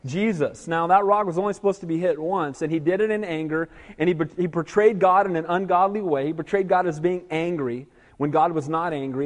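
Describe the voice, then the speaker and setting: A male pastor preaching an evening sermon, emphatic and calling for amens from the congregation. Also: high-pitched. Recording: echoey hall reverb.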